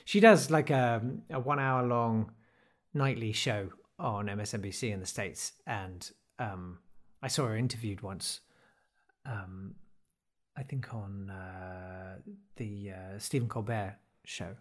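A man's voice: fairly low pitch, takes it slowly. A man in his forties, a podcast guest who rambles through anecdotes with self-deprecating, dry asides. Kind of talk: casual interview storytelling.

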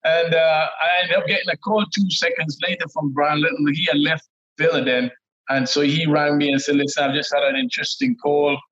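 A middle-aged man with a Trinidadian accent, telling stories as a guest in a relaxed, laid-back way, often laughing. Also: on the high side, a little fast. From Trinidad and Tobago. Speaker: guest, former footballer. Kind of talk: casual interview storytelling. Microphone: remote call audio. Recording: dull lo-fi call audio.

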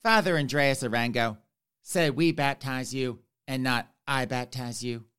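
A man's voice: medium pitch, a little slow, fairly bright tone, smooth, close to an everyday voice. A man voicing a fussy, prim bishop who explains himself nervously.

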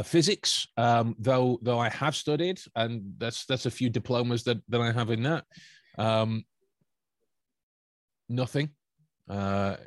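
A man's voice: mid-range voice, no room sound. Podcast guy, um-ing and restarting a lot, dry sound. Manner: hesitant, many fillers and restarts. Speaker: podcast co-host. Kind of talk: casual chat.

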